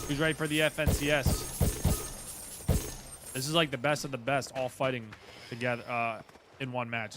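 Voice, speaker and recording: A man hosting a casual live game stream, chatting with viewers and greeting them by name, with excitable bursts. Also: mid-range voice, heavy background noise. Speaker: livestream host. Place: at work, indoors.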